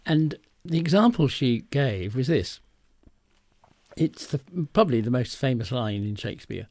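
Gravelly older male theatre director. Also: medium pitch, expressive, normal speed, darkish tone, dry recording. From trained in England. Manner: thoughtful, demonstrates rhythm aloud. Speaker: theatre director and actor, guest. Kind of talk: explaining in a radio interview.

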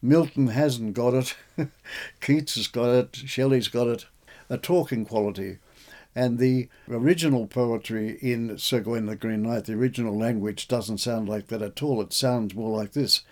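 Man, translator in interview, animated talk, recites verse. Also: mid-range voice, moderate pace. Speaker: poet and translator. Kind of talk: conversational interview.

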